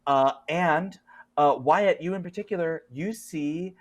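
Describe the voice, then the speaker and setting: A man's voice: on the high side, a little slow. A man running a tabletop horror game as game master, narrating the scene in a chatty way with lots of fillers.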